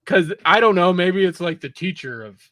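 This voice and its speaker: A man's voice: high voice, animated, normal speed, a bit bright, no room sound, studio quality. A man co-hosting a podcast, chatting casually with frequent stammered restarts and casual swearing. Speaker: podcast co-host. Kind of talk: casual review chat.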